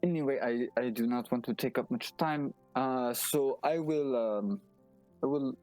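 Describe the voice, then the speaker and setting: A man voicing his character in a tabletop game, halting and stammering as he talks. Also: medium pitch, darkish tone, soft background music. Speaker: player. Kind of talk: in-character tabletop role-play.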